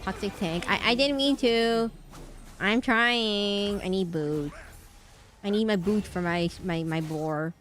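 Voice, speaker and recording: A woman's voice: mid-range voice, slow, fairly bright tone. A woman streaming a video game, chatting casually in a rambling, self-correcting way. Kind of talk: casual gameplay chat.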